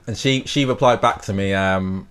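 A podcast host, talking casually about dating. His voice sits a little high, and he breaks into laughs and quick asides. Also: lively intonation, slight background noise.

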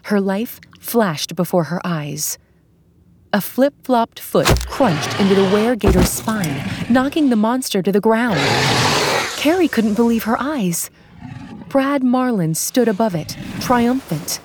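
A woman narrating an audio drama in a steady storytelling manner. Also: medium pitch, measured pace, heavy background noise. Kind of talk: scripted narration.

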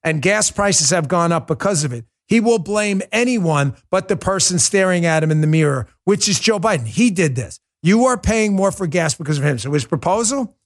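A man's voice: sits high, animated, moderate pace, hardly any pauses. A man hosting a political podcast, reading ads and ranting in heated, mocking commentary. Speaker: podcast host.

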